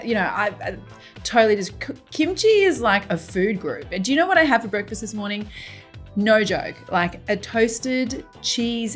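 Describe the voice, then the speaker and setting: A middle-aged woman hosting a cooking channel, reading comments aloud in a playful, giggly way with frequent laughter. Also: medium pitch.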